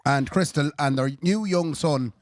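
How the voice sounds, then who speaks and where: A man's voice: fairly high pitch, a little slow, no echo, studio quality. A man co-hosting a podcast, telling rambling anecdotes with chuckles. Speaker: podcast co-host. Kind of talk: casual storytelling.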